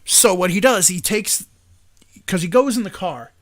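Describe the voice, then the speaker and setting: A man co-hosting a casual talk show, excitedly retelling a movie scene and acting out the characters' lines. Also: high voice, normal speed. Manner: animated, acts out quoted lines. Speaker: podcast co-host.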